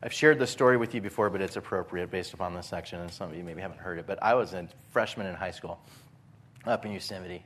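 A deep-voiced pastor talks fast through his sermon, telling lively stories and acting out his own panic. There's a little hiss or hum in the recording.

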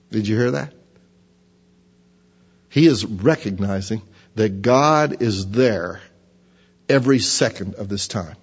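A man's voice: a little high, expressive, moderate pace, slightly rough. A man preaching a sermon, dramatically acting out the prayers he quotes. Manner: dramatic, acts out quoted prayers with rising intensity. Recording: lo-fi sermon recording in a large reverberant hall.

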